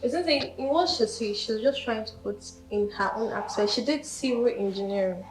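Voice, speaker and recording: A woman's voice: a little high, fairly quick. A young woman student talks in a casual, storytelling way. Her voice rings in an echoey room. Faint music plays under her. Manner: chatty, storytelling, animated. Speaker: banking and finance student. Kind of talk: casual group discussion.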